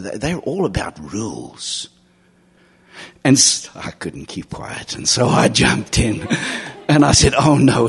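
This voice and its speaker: A middle-aged man preaching a sermon and telling stories, moving from loud, high bursts to hushed, low asides and laughing along as he goes. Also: husky. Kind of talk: sermon with storytelling.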